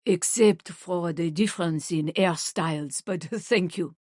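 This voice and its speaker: A gallant, good-humoured older gentleman, put on by a woman reading an audiobook. He compliments people with easy charm in a slightly lowered voice. The sound is dry and close. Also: a little slow, no room sound. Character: older gallant man with white hair.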